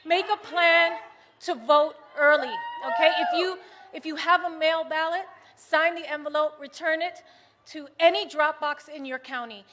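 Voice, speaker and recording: High-pitched woman fired up at a rally, loud crowd and noise all over her voice. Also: unhurried. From United States. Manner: impassioned, rousing, swings from hushed to shouting. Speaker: rally speaker. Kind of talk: political rally speech. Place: large rally venue with a cheering crowd.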